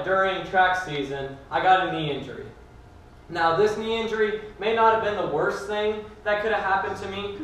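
A man's voice: sits high, a bit bright. A young man giving a youth sermon as a student preacher, telling a personal story in an earnest way. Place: church hall. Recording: echoey room from far off.

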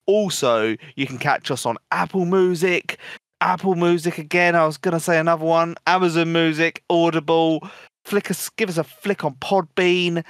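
A man co-hosting a podcast, making crude, quick jokes in casual banter. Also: on the high side, steady tone, no echo, clean studio sound. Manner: crude, quick jokey asides. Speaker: podcast co-host.

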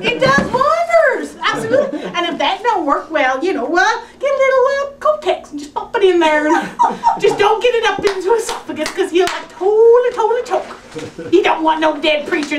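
A woman playing a brash, folksy Southern woman with a Southern US accent in an improvised comedy sketch, talking in a drawling, giggly, over-the-top way. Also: very high-pitched. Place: film set, indoors. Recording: roomy distant mic, loud background noise.

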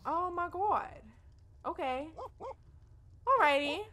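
A woman's voice: very high voice, lively intonation, takes it slowly, pushed and bright, a little hiss or hum. A young woman hosting a let's play, chatting casually and expressively to her viewers in slangy talk. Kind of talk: casual gameplay commentary.

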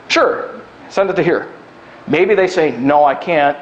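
Guy recruiter talking to a crowd, joking and down to earth, voice a bit high, kinda muffled recording. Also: moderate pace. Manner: down to earth, joking, acts out quoted lines. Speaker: recruiter giving job search advice. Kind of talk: presentation to an audience.

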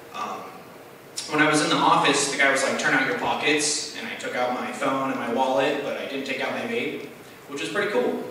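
A man doing conversational stand-up storytelling with quick asides at an open mic in a bar. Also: fairly high pitch, bright, forceful tone, a little hiss or hum. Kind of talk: stand-up comedy. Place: bar stage. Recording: echoey bar from a distance.

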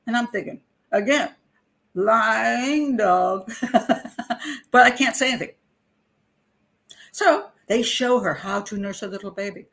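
A middle-aged woman speaks as a criminal profiler recounting a personal case. Her delivery is animated and indignant, punctuated by wry laughter as she makes her points. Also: a little high, measured pace, gravelly, pauses often. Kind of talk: personal storytelling commentary.

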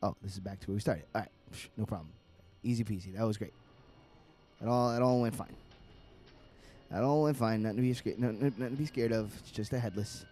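A man's voice: on the low side, fast talker, a little mellow. A man giving casual, profane live commentary while playing a video game, chatting to himself and to the game. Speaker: streamer.

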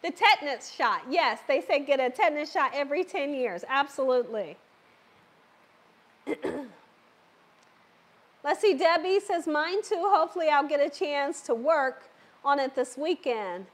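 Chatty high-voiced woman cooking host. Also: expressive, measured pace, long pauses. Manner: chatty, laughs often, reads viewer comments aloud. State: losing her voice a little. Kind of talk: live cooking stream chat. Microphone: wearing a microphone.

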